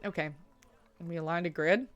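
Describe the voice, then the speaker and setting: A woman streams a zoo-building game, chatting casually to herself and her animals with lots of fillers. Her voice is on the low side, at normal speed, with no echo.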